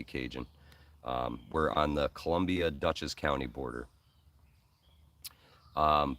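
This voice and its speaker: Hosting a preparedness live stream, a man from the Hudson Valley in New York rambles casually with many ums and uhs, answering viewer comments like he's chatting with friends. His voice is very low and deep, a bit bright, and he sits a little back from the mic, so it sounds distant.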